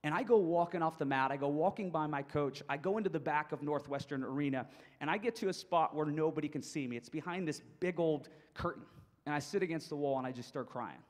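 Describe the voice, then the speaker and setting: A man's voice: fairly high pitch, quick pace, big-room sound. A man giving a motivational keynote to coaches, telling a personal story and acting out his own thoughts. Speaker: speaker at a coaches' conference.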